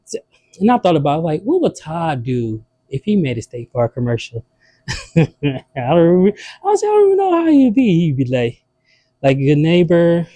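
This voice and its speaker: Laid-back man, dark dry voice. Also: a little high, huge pitch swings, brisk, no room sound. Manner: rambling, loose, laughing between lines. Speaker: comedian telling stories. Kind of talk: casual comic storytelling.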